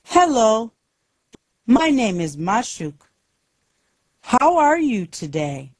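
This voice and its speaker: A woman plays a timid little bird from a storybook, sad about his lost father. He speaks gently and extremely slowly, with a lively melody in a dry, close sound. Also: on the high side, dry recording, pitched above the performer's own voice, exaggerated voice. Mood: shy. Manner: slow, gentle, simple lines.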